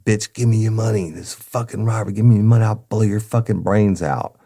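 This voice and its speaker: A man's voice: medium pitch, flat delivery, racing, creaky, warm tone, breathy edge, dry recording, clean studio sound, pitched above the performer's own voice. A man voicing a snarling male armed robber who barks menacing threats in a raised voice. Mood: threatening.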